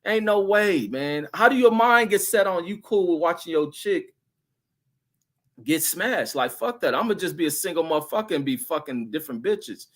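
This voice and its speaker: A man's voice: a little high, lively intonation, normal speed, fairly bright tone. A middle-aged man hosting a livestream, reading chat comments and telling loose, crude stories in a casual, profane rant.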